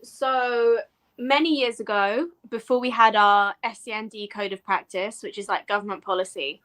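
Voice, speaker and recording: A woman with an English accent, a guest in a casual podcast interview, explaining things in a measured way with frequent ums and you-knows. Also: mid-range voice, fairly bright tone. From England. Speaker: guest, education professor.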